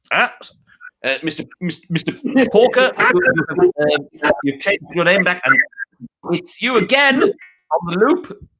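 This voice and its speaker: A man's voice: high voice, sharp tone, low-quality recording. A man hosting a comic online auction, bumbling and hesitant with many fillers but playful. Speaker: comedy auctioneer host.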